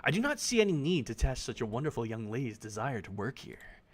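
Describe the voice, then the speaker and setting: A man's voice: mid-range voice, big pitch swings, fast. A man voicing an elegant, dignified older male parakeet who owns a café, reading a dating sim aloud with formal, old-fashioned politeness. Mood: courteous.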